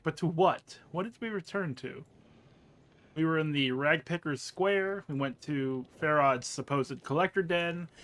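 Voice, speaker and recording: A man playing a role-playing game, reading its text aloud and joking in casual commentary. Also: on the high side. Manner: excitable, swears, reads game text aloud. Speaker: gaming streamer.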